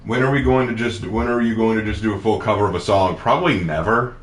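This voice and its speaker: A man's voice: fairly low pitch, quick pace. A man streaming a game, chatting casually and playfully while reading chat aloud. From United States. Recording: roomy echo with faint noise.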